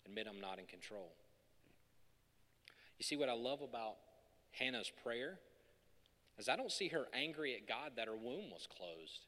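A man's voice: medium pitch, animated, normal speed, sharp tone. A male pastor preaching a sermon from a podium in a church hall, talking conversationally with jokes and building to emphatic peaks. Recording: long reverb of a large hall.

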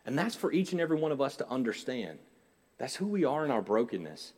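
A man preaching to his church, shifting between loud, urgent exhortation and low, conversational storytelling. His voice carries a long reverb tail from a large sanctuary hall. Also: sing-song, fast talker, slightly rough. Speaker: pastor. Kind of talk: sermon.

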